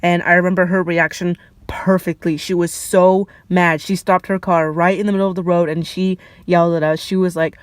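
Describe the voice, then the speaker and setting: A young woman vlogger telling childhood stories in a chatty, lively way, with laughs and fillers. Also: lowish voice, normal speed, smooth, no echo. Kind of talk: casual storytelling.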